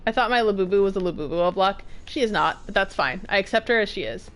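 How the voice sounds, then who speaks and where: A woman's voice: mid-range voice, animated, fast talker, fairly bright tone. A woman streaming a game, chatting casually and rambling, with jumpy nervous exclamations. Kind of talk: casual gameplay commentary.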